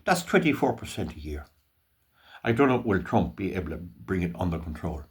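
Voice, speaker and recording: A man's voice: low voice, big pitch swings, a little fast. An older Irish man hosting his own channel, talking in a folksy, rambling monologue with restarts and asides. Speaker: channel host. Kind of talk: casual monologue.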